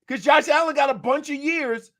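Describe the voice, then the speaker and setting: A high-pitched man talking sports on the radio, quick to laugh and eager to press his point. He repeats words as he builds an argument in loose, casual talk. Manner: animated, emphatic, laughs often, repeats words.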